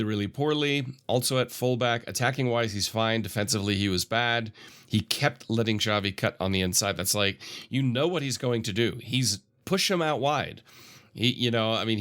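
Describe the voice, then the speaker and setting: Low smooth-voiced male football pundit. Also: a bit bright. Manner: thoughtful, analytical, many fillers. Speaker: podcast co-host. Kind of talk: casual football analysis chat.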